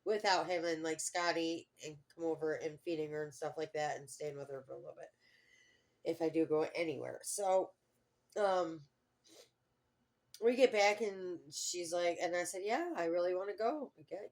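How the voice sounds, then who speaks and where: A woman's voice: sits low, moderate pace, darkish tone. A middle-aged woman vlogging in a rambling, casual storytelling way, full of fillers and restarts.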